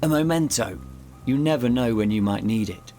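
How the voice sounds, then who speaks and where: A man voicing a smooth, relaxed wealthy gentleman with a deep, purring Persian accent, calm and amused. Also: normal speed, soft background music, natural voice.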